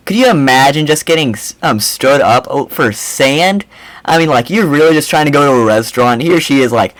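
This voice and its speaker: A young man hosting a reaction video, mocking the clip in a rambling, animated way. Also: mid-range voice, normal speed, dry recording, low-quality recording. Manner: mocking, animated, rambling with repeated "I mean, seriously". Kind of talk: casual reaction commentary.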